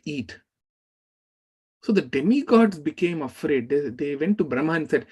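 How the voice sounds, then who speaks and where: A man who teaches a scripture class, retelling an epic in a lively way and speaking the characters' words aloud. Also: fairly high pitch, a little slow, husky.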